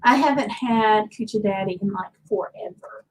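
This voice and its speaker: A woman's voice: mid-range voice, normal speed, a little hiss or hum, rough recording. A woman with a Southern accent hosting a casual livestream, chatting loosely and reading viewer comments aloud. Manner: chatty, rambling, reads chat comments aloud. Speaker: livestream host.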